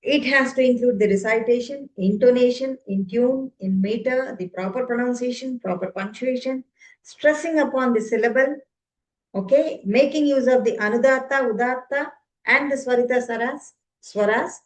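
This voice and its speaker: A woman's voice: fairly high pitch, normal speed, poor audio. A woman giving an earnest explanatory talk, full of fillers and rhetorical questions. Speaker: speaker on ancient Indian arts.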